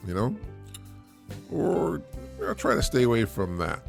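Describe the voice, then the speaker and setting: A middle-aged man talks through a solo parenting podcast, earnest and repetitive, chuckling between thoughts. His voice rises and falls a lot over a medium pitch. Faint music plays under him. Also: sing-song, moderate pace, vocal fry, long pauses. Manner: earnest and repetitive, laughs often, many restarts. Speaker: podcast host, single father.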